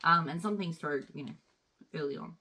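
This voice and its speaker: A woman's voice: low voice, fairly quick, bright, forceful tone, slightly rough. A woman chatting casually as she reviews wax melts, rambling with plenty of fillers. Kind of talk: casual product review chat.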